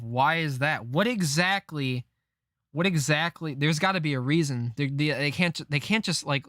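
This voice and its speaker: A man reading a comic aloud on a live stream, reacting with disbelief and frequent swearing as he thinks out loud. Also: fairly high pitch, no room sound, studio quality.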